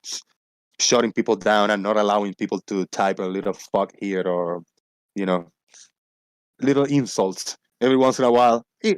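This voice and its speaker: A man's voice: on the low side, no room sound. Chatty Puerto Rican man hosting a stream. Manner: loose, chatty, swears casually. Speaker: livestream host. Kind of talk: casual livestream chat.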